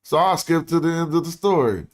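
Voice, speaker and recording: A man's voice: fairly high pitch, brisk. A man streaming, telling an old story in slangy casual talk and reading passages aloud, acting out the quotes. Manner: slangy, animated, acts out quotes in put-on voices.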